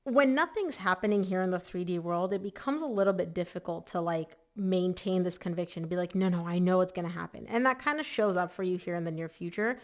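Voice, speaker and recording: A woman's voice: on the low side, fairly quick, few pauses, a little mellow. Chatty woman giving a tarot reading. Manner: chatty, emphatic, filler-heavy. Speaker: tarot reader. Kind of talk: casual tarot reading to camera.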